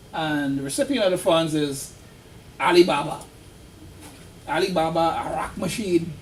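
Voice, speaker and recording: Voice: mid-range voice, slight background noise. An instructor giving a casual, story-driven classroom lecture and quizzing the students. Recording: distant classroom recording with faint ambience.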